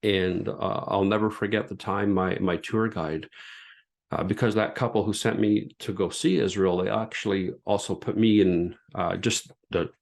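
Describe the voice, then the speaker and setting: A man in his fifties talks through a personal story on his own podcast, earnest and candid. His voice sits on the low side, and he often doubles back and repeats words as he goes. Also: fairly even intonation, normal speed, gravelly. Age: 50s. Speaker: podcast host.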